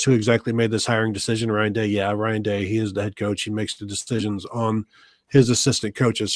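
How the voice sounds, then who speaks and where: A man's voice: fairly low pitch, dry recording. Rambling man hosting a live podcast. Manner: rambling, many fillers and restarts. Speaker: podcast host. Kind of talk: casual live podcast chat.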